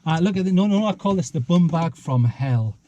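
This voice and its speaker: A man's voice: fairly high pitch, expressive, fairly quick, warm tone, a little hiss or hum. A man chatting casually on a vlog outdoors, joking and rambling with a ready laugh. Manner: joking, rambling, chuckles often. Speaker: vlog host. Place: outdoors in a small town street.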